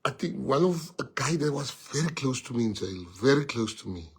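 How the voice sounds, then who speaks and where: A man's voice: medium pitch, expressive, a little fast, breathy edge. A man with a South African accent, a party leader telling a colloquial, laughing story to members.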